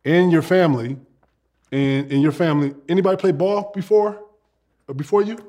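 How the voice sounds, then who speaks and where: A man in his forties hosting a casual interview, playful and quick with interjections, laughing easily. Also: fairly high pitch, dark tone. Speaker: podcast host.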